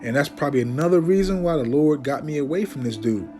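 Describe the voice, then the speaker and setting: A man teaching scripture informally, emphatic and preachy, often tagging his sentences with "man" and "okay?", and slowing down to declaim Bible verses. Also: on the high side, animated, mellow, faint music behind. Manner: reads Bible verses aloud in a slower, declaiming voice.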